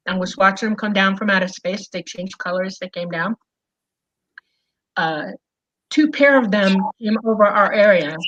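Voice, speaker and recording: A woman telling a personal story in casual speech, animated and full of fillers. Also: mid-range voice, muffled recording. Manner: animated, lots of fillers and "okay?". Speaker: guest recounting an experience.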